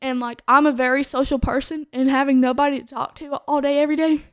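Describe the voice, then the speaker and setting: A woman's voice: sits high, little pitch movement, fast, no echo, clean studio sound. A woman, a podcast co-host telling her testimony in a casual chat, full of "like" fillers.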